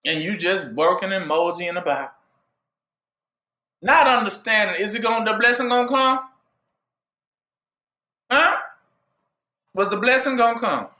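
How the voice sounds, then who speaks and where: A man's voice: high-pitched, measured pace, pauses often, bright, forceful tone, echoey room. A man preaching a sermon, driving it with call-and-response and rhetorical questions to his listeners.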